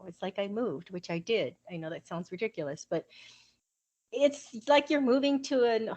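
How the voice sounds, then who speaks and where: A woman in her fifties co-hosting a podcast, easygoing and quick to laugh. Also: a little high. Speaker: podcast co-host. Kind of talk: casual chat.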